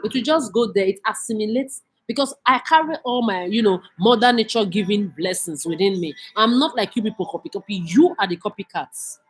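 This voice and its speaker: A woman's voice: medium pitch, expressive, fairly quick, few pauses, slightly rough. A woman from Nigeria, delivering a heated, profane, accusing rant as a vlogger. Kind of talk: angry profane rant to camera.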